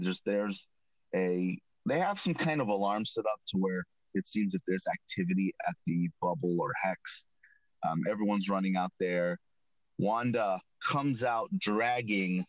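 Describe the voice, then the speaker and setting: In a dull, lo-fi, dry recording, a low-voiced man recaps a podcast episode on his casual chat show, rambling along and frequently restarting and correcting himself.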